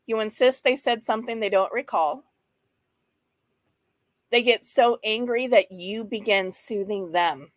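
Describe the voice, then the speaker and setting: A woman's voice: a little high, no room sound. A frank, chatty woman in her fifties talks her viewers through a mental health topic. She laughs often and drifts into playful asides. The sound is dry and close, with little room around it. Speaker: host of a mental health livestream. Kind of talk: casual talk reading slides and chatting with viewers.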